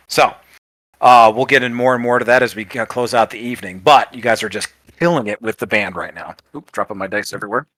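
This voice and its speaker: A man's voice: lowish voice, a little fast, pushed and bright, no echo. A man narrating as game master of a tabletop game, rambling with frequent fillers and restarts.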